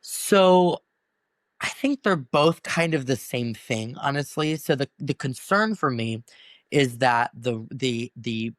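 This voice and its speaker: A young man, a first-year band teacher, talking in a relaxed interview at a middle pitch. He tells his stories with energy and acts out the people he quotes. The recording is close and dry, with no room sound. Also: no room sound. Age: 20s. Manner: animated storyteller who acts out quoted voices. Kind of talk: casual interview conversation.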